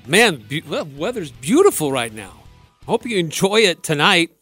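A man's voice: a little high, big pitch swings, moderate pace, sharp tone, faint music behind. A man hosting a sports talk radio show in a studio, friendly and chatty, often restarting his sentences.

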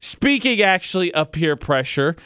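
A man co-hosting a morning radio show on a studio mic, teasing and joking with quick asides. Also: a little high, big pitch swings, fairly bright tone, clear, resonant tone, dry recording. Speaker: radio co-host.

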